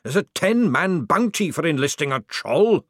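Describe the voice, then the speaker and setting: A flustered male sergeant who stammers, hedges and flatters, his voice pitched up and pushed loud , as a man puts him on in a storybook reading. He swings between quick fawning and hasty backpedalling, heard up close with no room sound. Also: no echo. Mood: nervous.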